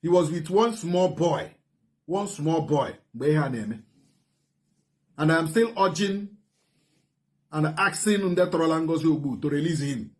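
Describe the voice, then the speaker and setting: Igbo-accented middle-aged guy, slightly high voice, goes back and forth igbo and english, keeps repeating himself, fired-up rebuttal. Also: measured pace, long pauses. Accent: Igbo Nigerian. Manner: mixes Igbo and English, repeats phrases, rhetorical questions. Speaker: community spokesman rebutting a report. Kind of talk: impassioned video statement.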